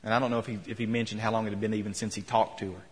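A man's voice: fairly low pitch, little pitch movement, rapid-fire. A man preaching a sermon in a church, telling a story and retelling quotes with rising emphasis. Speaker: pastor. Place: church sanctuary. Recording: long hall reverb.

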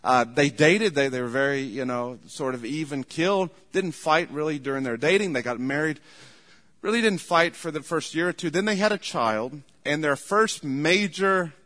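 Male pastor, slightly high bright voice, chatty sermon delivery, long hall reverb. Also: moderate pace. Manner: conversational, animated storytelling with acted quotes. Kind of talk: sermon on marriage.

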